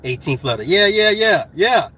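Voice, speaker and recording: A middle-aged man in casual chat, animated and profane, getting hyped and laughing as he argues his point. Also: high voice, normal speed, husky.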